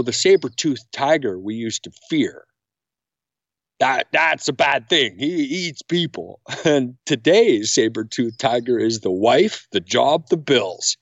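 A middle-aged man speaking as a podcast guest, energetic and acting out quotes with big jumps in pitch. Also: no echo. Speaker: podcast guest, camp founder. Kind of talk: animated interview talk. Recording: dry, slightly dull sound.

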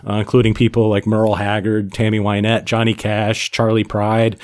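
A man co-hosting a podcast, laying out background facts in a relaxed way with frequent pauses. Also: fairly low pitch. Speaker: podcast co-host. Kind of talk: casual podcast chat.

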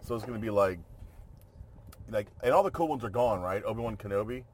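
A man's voice: lowish voice, animated, brisk, a little hiss or hum. A man chatting casually as a co-host, rambling and joking, often trailing off and restarting. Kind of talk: casual chat.

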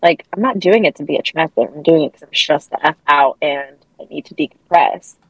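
A woman's voice: low voice, fairly quick, husky, no room sound, rough recording. A woman co-hosting a casual podcast, talking candidly and rambling with lots of filler words. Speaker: podcast co-host.

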